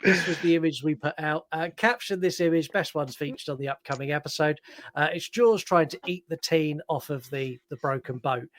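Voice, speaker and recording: British male co-host, slightly high, dry close mic, teasing, lots of fillers. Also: a little fast, no echo. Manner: teasing, reads listener captions with fillers. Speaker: podcast co-host. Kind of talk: casual chat.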